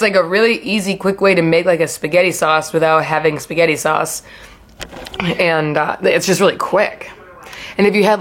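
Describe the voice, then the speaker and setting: A woman's voice: on the low side, slight background noise. A young adult woman chatting casually on camera while eating, rambling through a story with lots of fillers and swearing. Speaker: vlogger.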